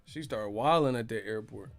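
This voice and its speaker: A man hosting a casual boxing news livestream, talking in an animated, joking and profane way. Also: on the low side, moderate pace, vocal fry, soft background music.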